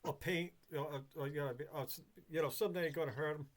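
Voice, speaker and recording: A man's voice: a little high, steady tone, fast, a crowd in the background. A man in casual chat, rambling with frequent restarts and freely swearing.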